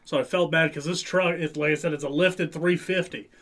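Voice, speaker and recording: A man in his twenties telling a rowdy, profane story in casual chat, acting out loud quotes. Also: on the high side, steady tone, a little fast. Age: 20s. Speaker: podcast co-host.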